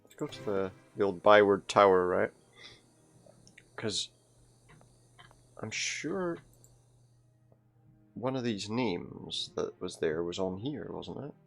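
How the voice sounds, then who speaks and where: A man's voice: sits low, lively intonation, takes it slowly, gravelly, long pauses, faint music behind. A man giving casual let's-play commentary, chatty and thinking aloud as he goes. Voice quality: chatty, thinks aloud, repeats game lines.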